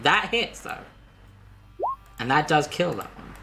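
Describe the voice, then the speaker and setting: Game master, woman, animated delivery that swears casually, clear music underneath. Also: low voice, measured pace. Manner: chatty, laughing, swears casually. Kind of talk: narrating a tabletop game. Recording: background music.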